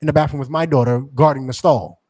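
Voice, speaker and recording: A man delivering a forceful sermon to his members, repeating points and asking rhetorical questions. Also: fairly high pitch, steady tone, quick pace, no echo, poor audio. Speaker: teacher addressing members. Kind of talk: street-preacher style sermon.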